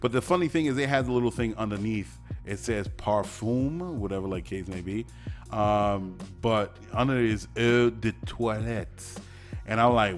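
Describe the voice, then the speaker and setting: A man with a lowish voice hosts a casual radio talk show, chatting and joking as he rambles along with fillers and restarts. Faint music sits under his voice. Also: normal speed. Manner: breaks into silly mock-French voices. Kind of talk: casual podcast monologue.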